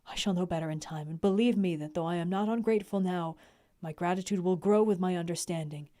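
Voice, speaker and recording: A woman voicing a grieving young gentleman from a classic novel, speaking in an earnest, measured way. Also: fairly low pitch, natural voice.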